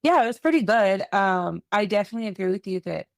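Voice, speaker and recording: A woman's voice: medium pitch, animated, fast talker, vocal fry, dry recording, clean studio sound. A woman guest on a casual video-call podcast, thinking aloud with lots of fillers. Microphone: video call mic.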